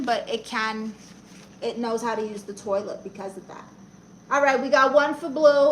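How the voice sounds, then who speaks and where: A woman's voice: on the high side, fairly bright tone, slight background noise. A woman playing a brash, blunt middle-aged aunt who calls herself a therapist, chatting on a live stream while she colors and reads the chat. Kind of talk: improvised character comedy live stream.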